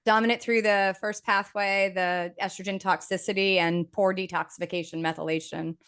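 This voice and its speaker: A woman's voice: medium pitch, steady tone, moderate pace, a bit bright, clear, resonant tone. A woman co-hosting a health talk show, listening supportively and chatting casually. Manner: supportive listener, brief affirmations. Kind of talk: casual chat.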